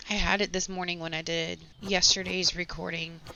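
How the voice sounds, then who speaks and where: A woman, hoarse with her voice nearly gone, chatting and venting sarcastically while playing a game. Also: on the low side, level tone, normal speed, pushed and bright. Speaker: gaming channel host. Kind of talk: casual gameplay chat with storytelling. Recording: slightly dull home recording with faint background noise.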